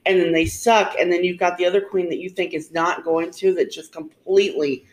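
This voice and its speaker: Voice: medium pitch, steady tone, fairly quick, low-quality recording. A podcast guest in casual chat, chatty, often restarting sentences.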